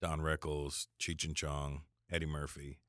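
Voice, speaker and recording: A man's voice: very deep voice, little pitch movement, a little slow, a bit bright, dry recording, clean studio sound. A middle-aged Canadian man, a comedian chatting as an interview guest, joking and telling stories in a self-deprecating way. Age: 40s. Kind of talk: casual interview chat.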